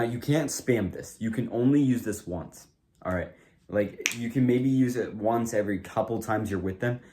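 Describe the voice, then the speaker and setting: A man with a fairly low voice talks loosely to the camera, handing out tips. He rambles, leans on "like" and keeps restarting his sentences, and the tone stays casual throughout. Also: a little mellow. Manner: rambling, filler-heavy, lots of "like" and restarts. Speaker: comedy video creator. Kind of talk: casual talk-to-camera advice.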